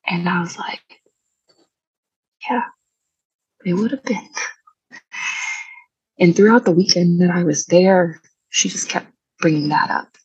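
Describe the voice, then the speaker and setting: A young woman as a podcast guest, telling a personal story in a quiet, halting and reflective way. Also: fairly low pitch, slightly rough, no room sound, dull audio. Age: young adult.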